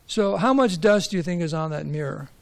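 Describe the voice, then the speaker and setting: A man's voice: on the high side, animated, a little fast, creaky. A man giving a conversational scripture class, asking rhetorical questions and telling stories. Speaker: class speaker.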